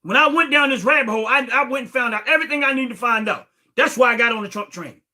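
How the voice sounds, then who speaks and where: American guy ranting on his live stream, real high voice, keeps getting loud and repeating himself. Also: fast talker. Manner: indignant, repetitive, often raises voice to a shout. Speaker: livestream host. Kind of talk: heated political livestream rant.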